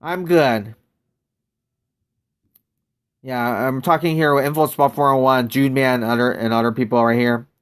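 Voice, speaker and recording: A man's voice: mid-range voice, fairly even intonation, measured pace, pauses often, clean tone. A man streaming a mobile basketball game, chatting casually and greeting viewers from chat.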